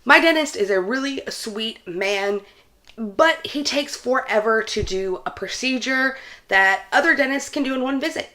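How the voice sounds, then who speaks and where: Chatty woman telling a story. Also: fairly high pitch. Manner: chatty, animated storyteller who laughs between phrases. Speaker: book vlogger. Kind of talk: casual vlog chat.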